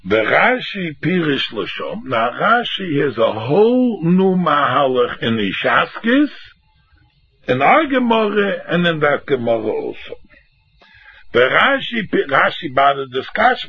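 Animated man teaching a Talmud class. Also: mid-range voice, normal speed, husky. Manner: animated, acts out both sides in a lively singsong. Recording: dull lo-fi recording.

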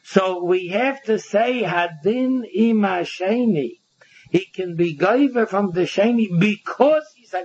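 Male Talmud lecturer, high-pitched and husky, animated, plays out both parties, lo-fi sound. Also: unhurried. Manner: animated, acts out both sides of the case. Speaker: Talmud teacher. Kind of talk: Talmud lecture in Yeshivish English. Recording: dull lo-fi recording.

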